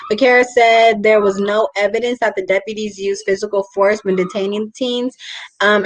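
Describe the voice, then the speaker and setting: A woman's voice: medium pitch, no room sound, low-quality recording. A woman co-hosting a podcast, chatting casually and reading news articles aloud, sometimes stumbling over names. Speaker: podcast co-host.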